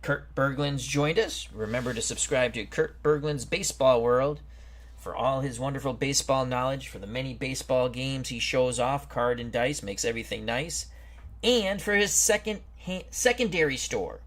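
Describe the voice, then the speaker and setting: A man hosting a football strategy game stream, reading out team rosters and greeting viewers in a chatty, unhurried way. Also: medium pitch, a bit bright. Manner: slow, chatty, greets viewers and stumbles over names. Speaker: host. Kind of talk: casual game commentary.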